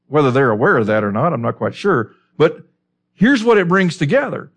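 A man's voice: fairly high pitch, lively intonation, fairly quick. Male preacher asking rhetorical questions. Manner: conversational, asks rhetorical questions. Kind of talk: expository sermon.

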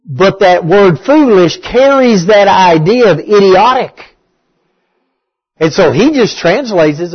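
A man's voice: high voice, measured pace, slightly rough, dull audio. A man preaching a conversational bible study, asking his listeners questions and repeating key words.

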